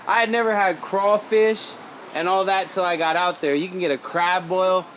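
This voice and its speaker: Animated slangy man in a noisy bar. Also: sits high, moderate pace. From Oregon. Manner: animated, slangy, laughs often. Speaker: rapper guest. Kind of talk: casual chat. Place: busy lounge bar.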